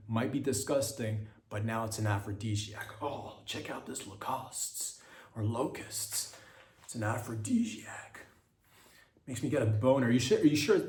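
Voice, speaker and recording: A man hosting a solo comedic podcast monologue, rambling and repeating himself with lots of fillers, jumping into animated mock quotes. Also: lowish voice. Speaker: podcast host. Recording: echoey room.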